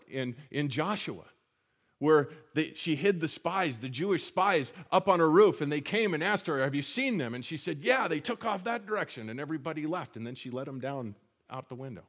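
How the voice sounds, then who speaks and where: A man's voice: on the high side, lively intonation, normal speed. A man preaching a sermon with a slightly raised voice. He teaches conversationally, asks rhetorical questions and stops to correct himself. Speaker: pastor.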